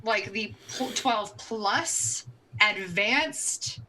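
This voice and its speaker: A woman's voice: medium pitch, expressive, drawn-out words, sharp tone, low-quality recording. A woman running a tabletop role-playing game as game master, making amused rulings.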